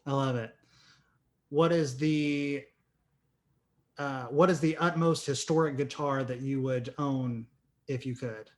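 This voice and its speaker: A man's voice: mid-range voice, fairly even intonation, slow, pauses often, darkish tone. A man hosting a podcast interview, upbeat, with short enthusiastic reactions. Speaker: podcast host. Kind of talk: casual interview.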